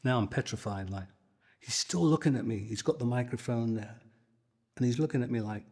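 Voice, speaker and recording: An older man, a guitarist, telling a lively anecdote and acting out the people in it. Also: medium pitch, brisk, in a large hall. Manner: animated, acts out the people in his story. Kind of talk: anecdotal storytelling.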